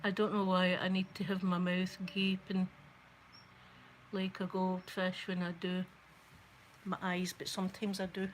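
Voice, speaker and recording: Soft-spoken Scottish woman, ASMR makeup chat. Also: fairly low pitch, monotone, unhurried, pauses often, a little hiss or hum, low-quality recording. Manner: chatty, rambling storyteller who talks to viewers. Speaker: ASMR channel host.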